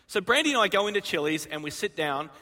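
Animated high-voiced male preacher. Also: quick pace. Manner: animated storytelling, acts out quoted voices. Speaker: pastor. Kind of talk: sermon. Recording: long reverb of a church hall.

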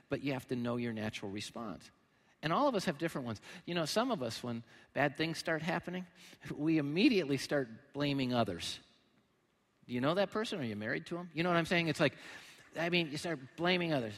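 A man preaching a sermon as pastor, animated, swinging between loud emphatic lines and quiet, low ones. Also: a little fast, in a large hall.

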